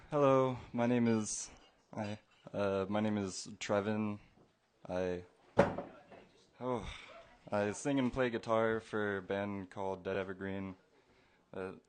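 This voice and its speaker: Low smooth-voiced guy, talks real slow and hesitant, sounds far from the mic. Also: fairly even intonation. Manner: hesitant, slow and quiet with fillers. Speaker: singer and guitarist. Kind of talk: unprepared introduction on stage.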